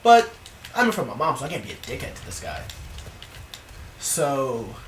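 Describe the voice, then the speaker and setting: A young man spins an animated, cussing storytime tale in a casual voice of middling pitch. The room is echoey, he sits back from the mic, and a faint hum of room noise runs underneath. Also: normal speed. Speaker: vlogger. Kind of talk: storytime vlog. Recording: roomy, distant from the mic.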